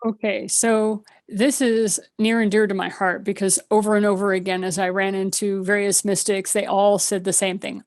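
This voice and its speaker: A woman's voice: medium pitch, little pitch movement, normal speed, few pauses, darkish tone. A middle-aged woman, a guest on a video call, telling personal stories with lots of laughter and acting out her own thoughts. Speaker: guest, spiritual author. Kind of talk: conversational storytelling.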